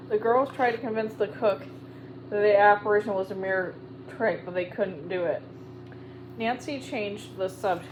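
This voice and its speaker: A woman narrating an audiobook in a steady, even reading voice. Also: mid-range voice, normal speed, a little hiss or hum, poor audio. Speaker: audiobook reader. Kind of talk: storybook narration.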